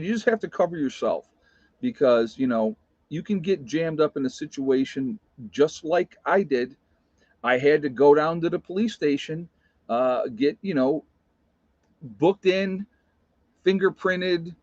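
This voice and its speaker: A man's voice: fairly high pitch, darkish tone, no echo. A man in his fifties telling a personal story in a rambling, casual way, full of "you know" and restarts. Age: 50s. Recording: dry, slightly dull sound.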